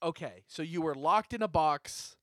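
A man in an improv comedy scene, questioning with an incredulous, rapid-fire manner. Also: on the high side, fairly bright tone, dry recording, clean studio sound. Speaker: improv performer questioning the ghost.

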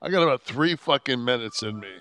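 A man's voice: medium pitch, lively intonation, quick pace, a bit bright, no echo. A man hosting a podcast in casual chat, blunt and heavily profane, often stumbling and restarting his sentences. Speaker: podcast host.

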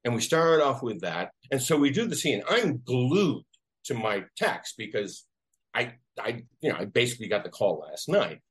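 A man, an actor, telling a story casually in an interview, animated and acting out the voices of people he quotes. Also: mid-range voice, normal speed, slightly rough. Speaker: actor guest.

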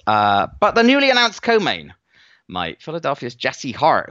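A man weighs up fights in a dry, wry way, pausing often on fillers. His voice is bright and forward. The recording is a little dull and very dry, with no room sound. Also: on the low side, no room sound. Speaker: boxing analyst. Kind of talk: podcast chat.

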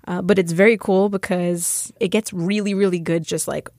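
A woman from Puerto Rico, a TV host who is a guest, chatting in a relaxed way. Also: fairly low pitch, moderate pace, dry recording, studio quality. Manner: relaxed, uses fillers like "uh" and "like". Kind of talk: casual chat.

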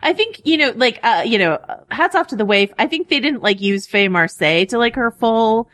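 A woman's voice: a little high, expressive, moderate pace, a bit bright, no echo. A woman co-hosting a casual TV podcast, chatty and upbeat, laughing often between points. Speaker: podcast co-host. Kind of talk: casual pop-culture podcast chat.

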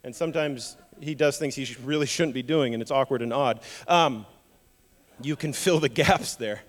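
Joking preacher in an echoing church. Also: male voice, medium pitch, normal speed. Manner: animated, joking storyteller who repeats words. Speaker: pastor. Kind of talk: sermon. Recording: long hall reverb.

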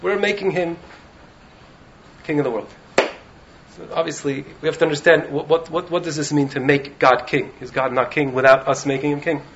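A man giving an animated Torah talk as a rabbi in a study hall, often asking "right?" to his listeners. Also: fairly high pitch, moderate pace, muffled recording, a little hiss or hum. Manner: animated, keeps checking in with "right?". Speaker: rabbi teaching in a yeshiva.

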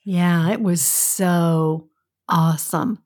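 A woman's voice: fairly low pitch, takes it slowly, a little mellow, no room sound, studio quality. A woman co-hosting a podcast in casual chat, often laughing and chiming in with short reactions.

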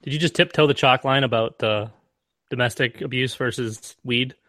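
A man's voice: mid-range voice, moderate pace, a bit bright, no room sound. A man co-hosting a casual sports podcast, laid-back and teasing.

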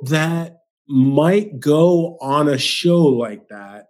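A man's voice: a little high, lively intonation, drawn-out words, a little mellow. A man chatting as a podcast guest, rambling and laughing and often repeating himself. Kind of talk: casual chat.

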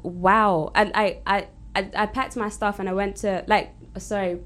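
A woman, a podcast guest in casual chat, talking haltingly with lots of fillers in an even tone. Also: mid-range voice. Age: 20s.

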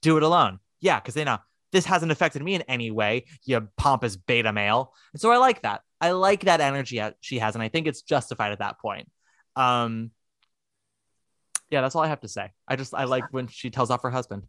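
A man co-hosting a podcast in casual chat, animated and profane, acting out quotes in put-on voices. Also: mid-range voice, brisk, no room sound, studio quality. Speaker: podcast co-host.

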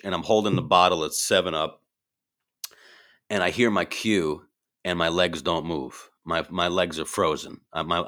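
A man, an improv performer and actor, telling animated stories in a casual chat and acting out the voices in them. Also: low voice. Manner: animated, acts out voices in his anecdotes.

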